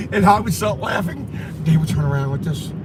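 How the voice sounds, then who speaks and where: A man's voice: fairly high pitch, fairly quick. A man host telling a rambling story in casual chat, repeating himself and laughing, from inside a car with road noise.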